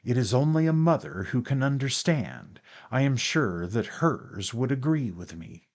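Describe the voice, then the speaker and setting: A man voicing a gentle, tactful young mother in an audiobook, speaking softly and coaxingly. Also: medium pitch, sing-song, a little slow. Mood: confiding. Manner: soft, coaxing, half-whispered.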